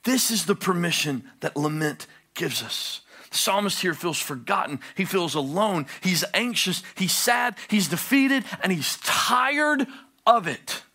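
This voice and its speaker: A male pastor preaching a sermon, swinging from hushed low phrases to loud, high-pitched pleading. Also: expressive, a little slow.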